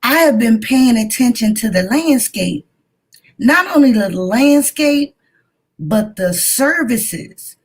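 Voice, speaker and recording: A woman talking fervently and with excitement in a religious discussion. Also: fairly high pitch, slow pace, breathy edge.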